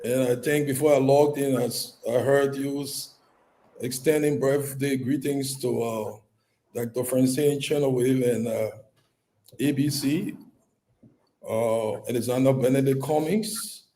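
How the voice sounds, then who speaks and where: A man speaking as a government minister guest, measured and formal, pausing on hesitant fillers. His voice is mellow and dark-toned, with faint ambience behind it. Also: mid-range voice, fairly even intonation, slight background noise, rough recording. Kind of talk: formal greeting on a talk show.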